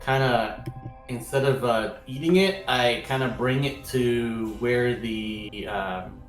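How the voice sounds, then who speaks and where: Playful player in an echoey room. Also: male voice, mid-range voice, slow. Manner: playful, hesitant. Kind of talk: tabletop role-play. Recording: echoey room with faint music.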